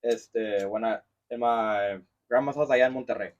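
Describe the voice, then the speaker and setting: A man, a guest on a podcast, telling a story in a lively casual chat with plenty of swearing. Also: mid-range voice, recorded from a distance, a little hiss or hum. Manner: fast, animated, profane storytelling. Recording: dull lo-fi sound.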